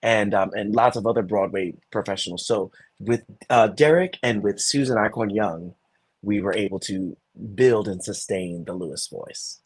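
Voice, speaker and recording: A man, a Broadway performer, telling animated stories in an interview, with many restarts. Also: fairly low pitch, moderate pace, slightly rough. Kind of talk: conversational interview.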